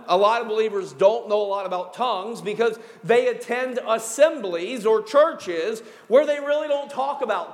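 A man preaching a sermon as pastor of his church, emphatic and methodical, laying out numbered points and slowing down to stress key words. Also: high voice, fairly bright tone, big-room sound. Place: church sanctuary.

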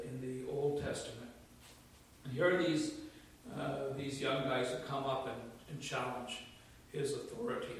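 An older man preaching a sermon as pastor, in a measured style with emphatic, slowly repeated phrases. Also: medium pitch, slight background noise. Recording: roomy echo from a distant mic.

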